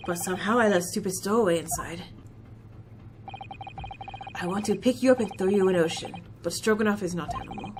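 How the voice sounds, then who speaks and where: A woman voicing a gruff, burly male ship guard with a mock Russian accent and blunt broken English. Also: medium pitch, fairly quick, long pauses, noisy background, voice pushed down, close to an everyday voice.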